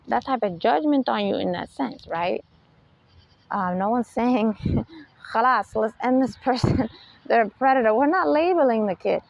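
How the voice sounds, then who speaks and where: A woman with a somewhat high, gravelly voice gives an unscripted spiritual lecture. She talks emphatically and keeps firing rhetorical questions at her listeners. The sound is dry and dull, a lo-fi recording. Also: darkish tone, no echo. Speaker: spiritual talk host.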